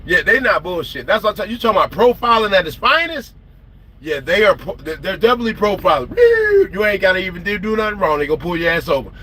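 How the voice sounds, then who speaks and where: A man's voice: high voice, fast, slight background noise. A man, telling stories in a slangy, emphatic way on a late-night trucking livestream. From South Carolina. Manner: animated, slangy, emphatic storytelling. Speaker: trucker vlogger.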